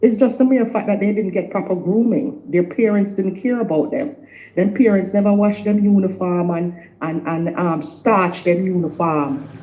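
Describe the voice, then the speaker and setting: Mellow woman on a dull line. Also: mid-range voice, normal speed, echoey room, slight background noise. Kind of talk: casual chat.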